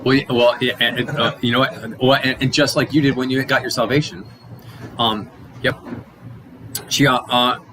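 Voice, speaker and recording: A man teaching a casual Sunday school Bible lesson, animated, acting out quotes and often restarting his sentences. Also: mid-range voice, moderate pace, long pauses, noisy background.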